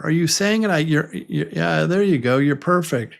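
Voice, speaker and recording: A man teaching English pronunciation to beginners. He repeats each word slowly and clearly and talks straight to the learners to encourage them. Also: fairly high pitch. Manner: drills words slowly, repeating them many times. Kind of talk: slow, repetitive pronunciation lesson.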